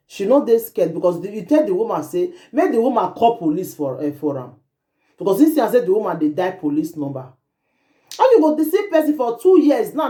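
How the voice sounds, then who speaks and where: A woman hosting an online show speaks with a Nigerian accent, her voice medium in pitch and dark in tone. She delivers emphatic commentary in Pidgin and English, repeating phrases as she laments.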